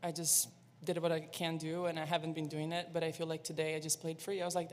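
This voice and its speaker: A young woman basketball player answering questions at a postgame press conference, soft-spoken and halting, with restarts. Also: low voice, level tone. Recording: long reverb with faint room noise.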